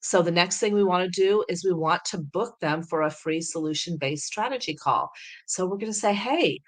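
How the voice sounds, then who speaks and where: A woman sales coach teaching in an energetic, persuasive way and acting out sample lines. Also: fairly low pitch, a little fast. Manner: talks through sample scripts, energetic and persuasive. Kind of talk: coaching lesson.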